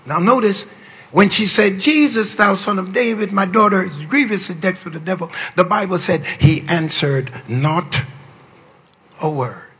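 An older man, a bishop, preaching a sermon to pastors with playful, boastful asides, drawling low and then bursting into shouts. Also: moderate pace, breathy edge. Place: large hall. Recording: long reverb of a large hall.

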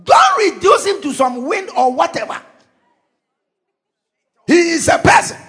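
A fervent pastor preaching a charismatic sermon, his high voice leaping up and down as he shouts decrees. He is a man who drives every declaration with loud, rising conviction and very lively pitch. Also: measured pace.

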